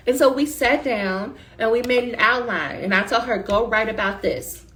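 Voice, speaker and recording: A woman's voice: a little high, normal speed, hardly any pauses, fairly bright tone. Slangy, emphatic woman dissertation coach. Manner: colloquial, emphatic, addresses listeners as y'all. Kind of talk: casual motivational pitch.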